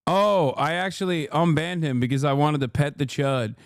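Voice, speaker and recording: A man's voice: on the high side, normal speed, few pauses, clear, resonant tone, no echo, clean studio sound. A man in his thirties streaming live, reacting to clips and arguing with his chat in a profane, sarcastic, combative way. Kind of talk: livestream reaction commentary.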